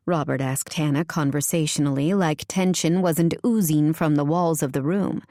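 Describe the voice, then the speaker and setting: A woman narrating an audiobook in a measured, even reading voice, close to a studio mic. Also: fairly low pitch, no echo. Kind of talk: scripted narration.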